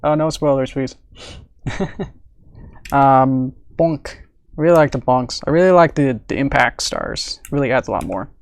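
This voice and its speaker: A man's voice: medium pitch, normal speed, gravelly, no room sound. A man who animates, chatting casually on a live stream about his work. He rambles, uses many fillers and laughs often. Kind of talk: casual livestream chat.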